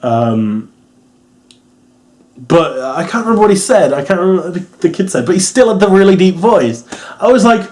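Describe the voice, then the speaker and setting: A man's voice: sits high, big pitch swings, normal speed, darkish tone. A young English man with an English accent giving a rambling, casual wrestling review, laughing often and swearing freely. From England.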